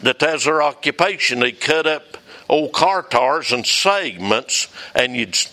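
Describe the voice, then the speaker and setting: A man's voice: mid-range voice, lively intonation, unhurried, pushed and bright, poor audio. A man voicing a young African woman cashier, an earnest, emotional new convert, in a raised voice.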